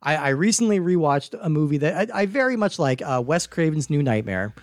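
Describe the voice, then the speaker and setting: A man's voice: fairly high pitch, fairly quick, dry recording, clean studio sound. A man talking casually about a movie on a podcast, rambling with lots of fillers and restarts. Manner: animated, rambling, frequent "like" and restarts. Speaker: podcast co-host. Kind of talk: casual film discussion.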